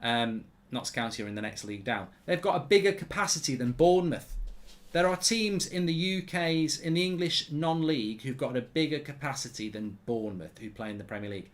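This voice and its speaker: A man's voice: medium pitch, fairly quick, hardly any pauses. A man hosting a live football watchalong, chatting with viewers in a rambling, conversational way. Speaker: host.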